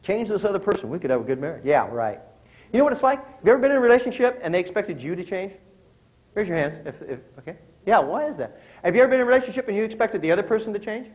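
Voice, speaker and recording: A man's voice: sits high, very animated, racing, low-quality recording. Conversational middle-aged man addressing an audience. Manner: conversational, questions the audience, tells jokes. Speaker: motivational speaker. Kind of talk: motivational talk to a live audience.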